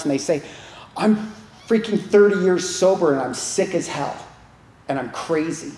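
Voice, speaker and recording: A man's voice: fairly high pitch, a little mellow, roomy sound, a little hiss or hum. A man giving a candid, rambling, emotional personal share at a support group meeting, often restarting his sentences. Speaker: recovery meeting speaker. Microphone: online video call.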